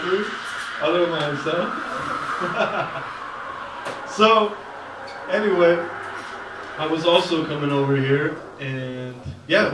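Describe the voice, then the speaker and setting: Chatty young comic in an echoey gallery. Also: male voice, fairly high pitch. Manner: chatty, self-deprecating, with many uhs and ums. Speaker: stand-up comedian. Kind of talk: stand-up comedy set. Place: art gallery open mic night. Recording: echoey room recorded from far off, noisy. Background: audience ambience and laughter.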